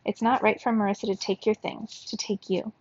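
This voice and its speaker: A woman reading the lines of a timid young boy in a quiet, hushed voice. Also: medium pitch, flat delivery, fairly quick, slightly rough, no room sound, dull audio. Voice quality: soft, hushed.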